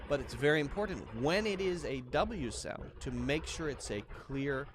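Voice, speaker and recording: A man's voice: on the high side, lively intonation, normal speed, noisy background. A man teaching English pronunciation, demonstrating sounds by repeating words over and over. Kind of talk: pronunciation lesson.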